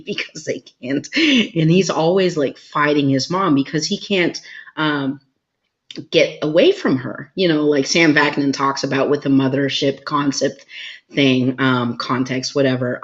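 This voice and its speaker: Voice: medium pitch, lo-fi sound. A chatty, agreeable guest in a casual conversation who laughs through her stories. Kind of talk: casual chat.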